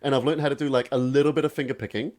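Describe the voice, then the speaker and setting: A man's voice: medium pitch, steady tone, racing, darkish tone. A man as a podcast guest, telling comic stories and acting out other people's voices. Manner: comic storyteller, acts out voices. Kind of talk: casual chat.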